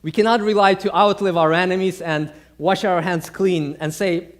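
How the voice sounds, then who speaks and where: A male pastor preaches in a relaxed, conversational manner, often circling back and restarting his phrases as he tells stories. His voice sits notably high for a man. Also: moderate pace. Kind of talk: sermon.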